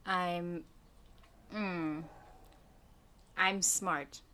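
A woman's voice: on the low side, steady tone, very slow, pushed and bright, clean tone. A young woman co-hosting a podcast, chatting casually and hesitantly, with lots of ums and likes. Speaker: podcast co-host. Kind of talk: casual chat.

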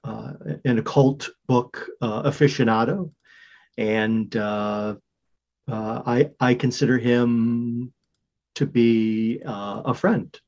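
A man's voice: mid-range voice, steady tone, a little mellow, muffled recording. A man playing a struggling bookstore owner who collects occult books, talking hesitantly. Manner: hesitant, many "uh" pauses.

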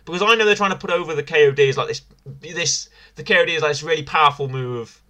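A man's voice: fairly high pitch, quick pace, bright, forceful tone. A man co-hosting a casual review podcast, rambling and repeating himself as he restarts his sentences. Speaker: podcast co-host. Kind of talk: casual wrestling review chat.

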